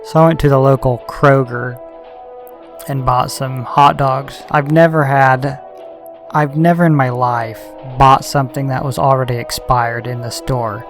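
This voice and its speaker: A man talks over a strategy game he is playing, ranting and swearing freely. His voice sits at an ordinary middle pitch, and soft game music plays underneath. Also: fairly even intonation, unhurried. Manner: heated, ranting, heavy swearing. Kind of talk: gaming commentary with a profane rant.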